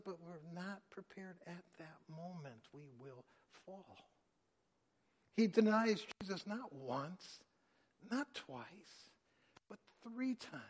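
Male pastor, fairly high-pitched, dramatic sermon delivery in an echoing hall. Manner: dramatic, acting out quotes with sharp swings in loudness. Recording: long hall reverb.

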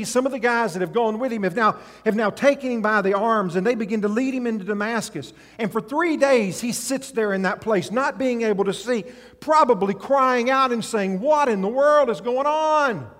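High-voiced man preaching in a hall. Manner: animated, acts out voices in scripture, rises and drops in volume. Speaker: pastor. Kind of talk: sermon.

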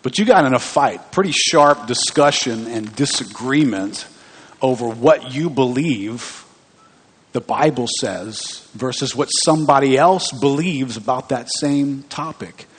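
A man's voice: medium pitch, measured pace, husky. A man preaching a conversational sermon in a church, putting questions to the congregation. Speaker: pastor. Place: church sanctuary. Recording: long hall reverb.

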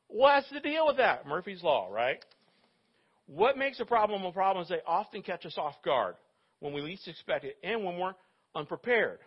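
A male pastor with a fairly high, slightly rough voice preaches at a moderate pace in a relaxed, conversational style, tossing jokes and questions at his congregation. The recording sounds dull and muffled.

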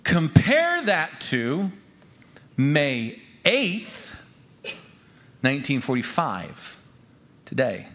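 A man preaching a sermon to his congregation as pastor. He talks emphatically, repeats key phrases and swings from hushed lines to loud ones. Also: on the high side, huge pitch swings, drawn-out words, long pauses. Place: church gathering before a congregation.

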